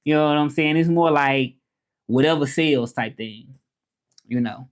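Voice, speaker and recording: A man's voice: on the high side, expressive, moderate pace. A man chatting casually on a live stream, rambling along, greeting viewers by name and trying out French phrases. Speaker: livestreamer.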